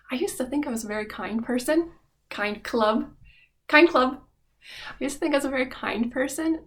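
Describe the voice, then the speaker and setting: A woman's voice: on the high side, gravelly, fairly bright tone. A young adult woman vlogging, talking in a rambling, candid way with many fillers. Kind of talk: casual reflective monologue.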